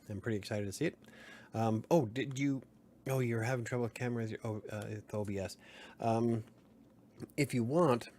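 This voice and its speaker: A man's voice: medium pitch, a little mellow, slight background noise. A man hosting a casual late-night livestream, rambling, chuckling and answering chat comments. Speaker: livestream host.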